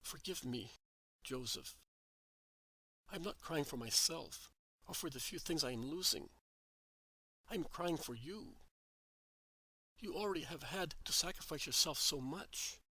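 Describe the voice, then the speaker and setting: A man's voice: on the high side, animated, unhurried, long pauses, slightly rough, dry recording, heavily acted. Sorrowful young mother Mary, read by a man. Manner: soft, sorrowful pleading. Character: Mary, grieving young mother, tender and humble. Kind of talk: devotional story reading.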